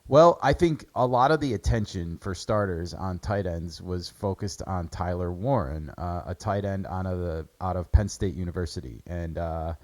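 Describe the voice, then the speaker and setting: A man's voice: deep voice, normal speed, hardly any pauses, darkish tone. A man hosting a casual sports show, breaking down football draft picks in a chatty way with lots of fillers. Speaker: sports podcast host.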